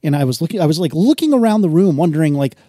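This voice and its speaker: Male podcast host, mellow tone, loose anecdotal delivery, dry home office recording. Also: on the high side, sing-song, rapid-fire, no echo. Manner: rambling, self-correcting storyteller. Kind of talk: casual storytelling chat.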